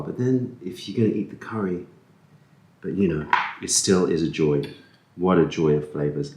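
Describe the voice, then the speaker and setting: A man's voice: low voice, moderate pace, long pauses, a little mellow, roomy sound, a little hiss or hum. A man chatting casually while eating curry on camera, rambling and self-deprecating, sometimes talking with his mouth full. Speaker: food vlogger. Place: indoors at a table, eating. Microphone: camera-mounted mic.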